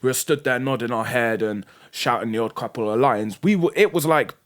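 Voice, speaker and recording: A young podcast co-host chats casually in a medium-pitched voice, speaking a little fast. He tells stories animatedly, full of slang and swearing, and acts out voices.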